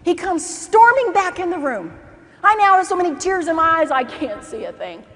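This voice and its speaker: High-voiced woman telling a funny story. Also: normal speed. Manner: animated, acts out characters, laughs through lines. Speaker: keynote speaker. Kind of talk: humorous storytelling speech. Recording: echoey hall with faint noise.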